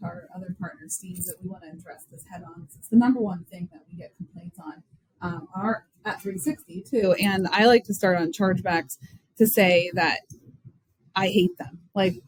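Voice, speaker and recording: A woman's voice: on the low side, normal speed, breathy edge, poor audio. A woman, a business co-founder, speaking frankly and directly as an interview guest. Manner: frank and direct, many "like" fillers. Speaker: guest, payments company co-founder. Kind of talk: explaining in an interview.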